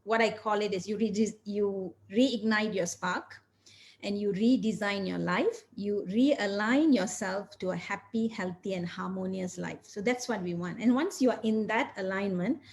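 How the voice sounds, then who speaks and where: A woman's voice: mid-range voice, normal speed, darkish tone. A woman physician and coach answering interview questions, explaining in an earnest, step-by-step way.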